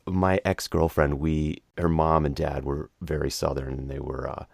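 A man's voice: very deep voice, level tone, normal speed, gravelly, no echo, studio quality. A man co-hosting a podcast, chatting casually and telling stories in a sarcastic, profane way. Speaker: podcast co-host.

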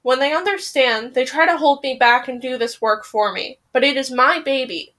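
A woman hosting a podcast, reading a novel aloud with an emotional, expressive delivery in first person. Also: high-pitched, moderate pace.

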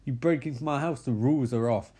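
A man's voice: medium pitch, quick pace, mellow, slightly rough, lightly acted. A man voicing a crude, swaggering young boyfriend full of bravado in a comedic recap.

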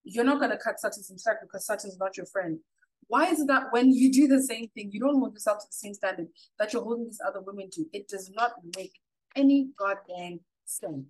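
A woman co-hosting a podcast in casual chat, animated and quick to mimic others. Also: medium pitch, breathy edge, low-quality recording. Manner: animated, quotes people in mocking voices. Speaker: podcast co-host.

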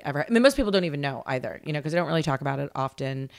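A woman in her forties with a notably low voice tells her story as a podcast guest. She talks fast and chatty, packing her sentences with "like", and drifts into voiced quotes of what people told her. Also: expressive, gravelly. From Los Angeles, United States. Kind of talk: casual interview storytelling.

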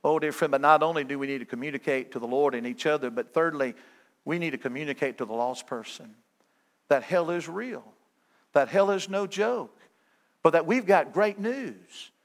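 A man's voice: on the high side, moderate pace. A middle-aged man preaching a sermon as a guest evangelist, folksy and joking with his listeners.

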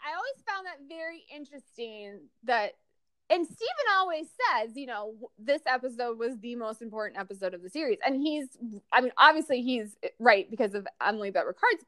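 A woman co-hosting a casual fan podcast, chatty and animated, with lots of fillers and restarts. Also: high voice, no room sound, studio quality. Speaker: podcast co-host. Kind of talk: casual fan podcast chat about a TV show.

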